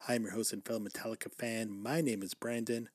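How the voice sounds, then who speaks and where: A man's voice: on the low side, level tone, quick pace, breathy edge, no echo, clean studio sound. A man hosting his own podcast and then chatting as a guest on another, upbeat and laughing easily. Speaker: podcast host. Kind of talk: casual podcast chat.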